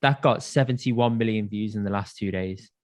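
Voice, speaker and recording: A man's voice: lowish voice, a little mellow. A man, co-hosting a podcast in a casual, upbeat and playfully teasing way. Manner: upbeat, quick to marvel, playful ribbing. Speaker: podcast co-host. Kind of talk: casual chat.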